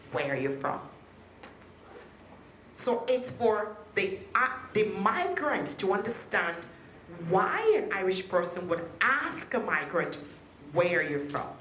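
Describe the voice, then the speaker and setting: A woman with a slightly high, somewhat bright voice addresses an audience at a peace event, drawing them in with questions. The speech takes place in an echoey hotel function room with slight background noise.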